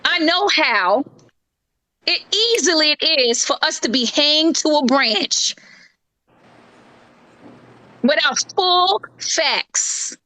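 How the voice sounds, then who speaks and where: Very high, bright-voiced impassioned woman. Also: animated, slow pace. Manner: fervent, lecturing. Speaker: live stream co-host. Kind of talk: impassioned live-stream talk.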